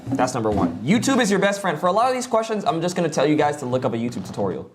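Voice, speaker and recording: A man's voice: on the high side, wildly swooping pitch, racing, a little hiss or hum. A young man streaming live, giving casual advice on voice acting with lots of "like" fillers and blunt swearing. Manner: loose and profane, lots of "like" fillers.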